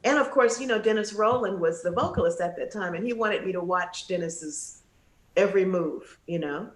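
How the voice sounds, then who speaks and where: A woman, a guest vocalist, telling a lively story over a video call and acting out the people she quotes. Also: medium pitch, normal speed, roomy sound. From United States, Texas and California. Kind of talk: storytelling in casual interview.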